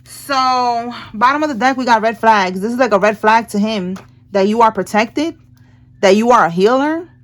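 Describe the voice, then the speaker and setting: A woman's voice: on the high side, moderate pace. A woman giving a casual tarot reading, chatty and blunt, laughing often and using street slang. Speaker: tarot reader.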